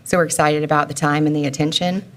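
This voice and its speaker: Low-voiced woman speaking at a board meeting. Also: little pitch movement, quick pace. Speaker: school board member. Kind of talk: public meeting remarks.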